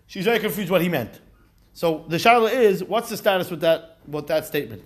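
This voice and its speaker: Man, high voice, animated class teacher, rhetorical questions, acts out quotes. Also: a little fast. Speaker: Talmud teacher. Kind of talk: lively study class lecture.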